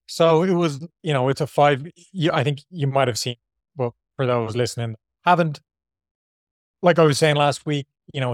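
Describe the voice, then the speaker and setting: An Irish man talks loosely and rambles, laughing now and then, worn out after a hard run. His voice sits at an ordinary pitch and sounds dry and close to the mic. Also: no room sound. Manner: chatty, rambling, laughs often. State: tired after a workout. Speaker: podcast co-host, marathon runner. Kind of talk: casual chat.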